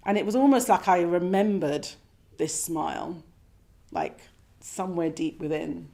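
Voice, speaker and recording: A woman telling a personal story at a meditation class, reflective and gently animated, sometimes acting out her own thoughts. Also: on the low side, measured pace. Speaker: speaker sharing her meditation experience. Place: meditation centre shrine room with a class.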